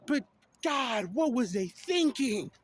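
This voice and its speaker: Husky, animated ranting vlogger. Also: medium pitch, slow. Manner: exasperated, incredulous ranting with repeated questions and swearing. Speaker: video creator. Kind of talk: unscripted rant to camera.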